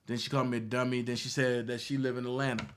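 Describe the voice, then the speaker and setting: A man's voice: mid-range voice, little pitch movement, fast, fairly bright tone, smooth. Indignant man reading out text messages. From Baltimore, Maryland. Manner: indignant, mocking, emphatic repetition. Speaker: online commentator.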